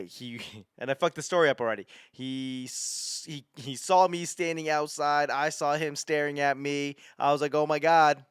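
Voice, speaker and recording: A man's voice: on the high side, a bit bright, clear, resonant tone, no echo, studio quality. A man in his thirties, a stand-up comedian hosting his own podcast, telling a rambling, profane story that keeps interrupting itself.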